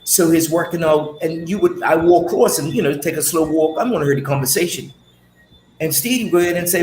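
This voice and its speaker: Easygoing former cricketer in an echoey room. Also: male voice, fairly high pitch, a little hiss or hum. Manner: relaxed, drawn-out, says man often. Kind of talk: casual reminiscing chat.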